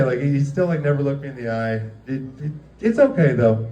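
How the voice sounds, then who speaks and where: A man's voice: a little high, big pitch swings, fast talker, a little mellow. A man doing a stand-up comedy set, rambling through stories with lots of fillers and acted-out quotes. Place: guerrilla comedy show venue. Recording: echoey room from far off.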